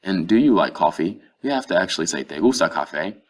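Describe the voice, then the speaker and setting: A man with a very low, deep voice teaches a language lesson. He explains things patiently and step by step, working through example phrases. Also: expressive, quick pace. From North Carolina, USA. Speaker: Spanish teacher.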